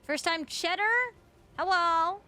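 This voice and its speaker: A woman's voice: extremely high pitch, fairly even intonation, a little slow, pushed and bright. A young Canadian woman chatting casually with viewers while gaming, full of fillers and swearing. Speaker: streamer. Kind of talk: casual live-stream chat while gaming.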